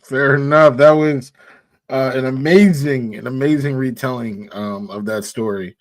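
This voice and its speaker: A man co-hosting a sports podcast, asking questions in a relaxed, casual way with some fillers. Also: mid-range voice, measured pace, no echo. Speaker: podcast co-host.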